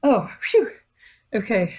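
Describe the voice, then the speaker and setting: A woman guest on a podcast who talks effusively and slips into spoken channeling, delivering messages in an earnest, drawn-out way. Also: fairly high pitch, big pitch swings, warm tone. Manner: effusive, breathy delivery with laughs.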